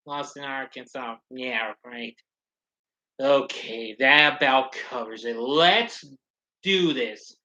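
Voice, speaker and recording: A man chatting casually on a live stream, rambling along with halting restarts and fillers. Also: medium pitch, pushed and bright, highs cut off.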